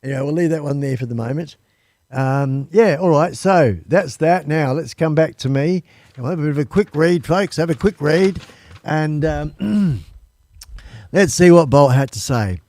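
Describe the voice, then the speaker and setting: A man's voice: on the high side, normal speed, darkish tone, no room sound. Chatty Australian man hosting a live stream. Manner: rambling, chatty, addresses viewers as folks. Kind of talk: casual live-stream chat. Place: temporary home studio.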